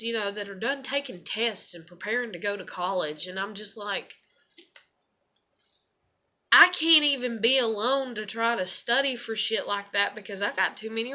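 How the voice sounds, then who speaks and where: A woman's voice: a little high, pushed and bright. A young woman, venting in a rambling, emotional and frank monologue. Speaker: vlogger.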